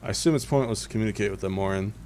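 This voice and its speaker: A man's voice: fairly low pitch, rapid-fire, a little mellow, slight background noise. A man streaming a game, talking to his chat in a dry, jokey way. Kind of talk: casual game commentary.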